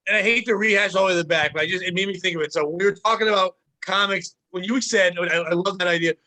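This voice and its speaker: Podcast co-host, male; high, bright, animated storyteller who acts out characters. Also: quick pace. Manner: animated, profane, mimics people mid-story. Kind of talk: casual storytelling chat.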